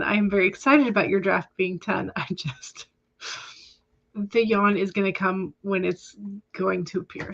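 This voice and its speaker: A woman's voice: mid-range voice, a bit bright, highs cut off. A woman hosting a casual livestream chat, talking in a chatty, hesitant way with many ums and small laughs. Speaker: livestream host of writing sprints.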